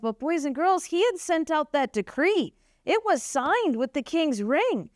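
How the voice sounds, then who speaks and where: A woman teaching a children's Bible lesson at church, telling the story with animated expression and acting out the characters' lines. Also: high-pitched, no room sound, studio quality.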